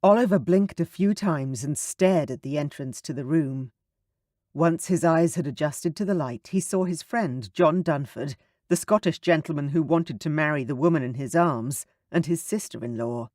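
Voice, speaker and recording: A man narrating a romance audiobook in an even, measured way. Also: a little high, no room sound, clean studio sound.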